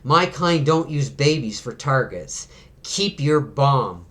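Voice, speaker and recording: A man's voice: medium pitch, animated, takes it slowly, a bit bright. A man reading the lines of a blunt, principled young male comic hero, with light expression. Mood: flat refusal. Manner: read aloud with light expression, barely acted.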